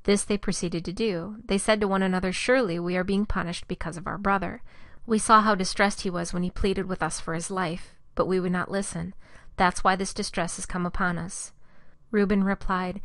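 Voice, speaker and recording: A woman reading scripture aloud in a steady, measured way, giving quoted speech only a slight lift. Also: medium pitch, no room sound. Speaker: scripture reader.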